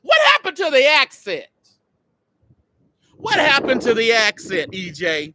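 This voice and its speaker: A man hosting a casual livestream outdoors, mocking and teasing someone in an animated way. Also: very high-pitched, measured pace, pauses often, a little hiss or hum. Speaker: host.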